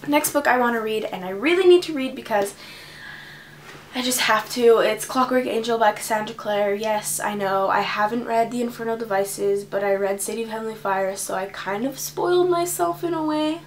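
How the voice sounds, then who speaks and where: A teenage book vlogger with a slightly high voice chats casually to camera, bubbly and gushing about the books she plans to read. A little hiss or hum sits under the recording.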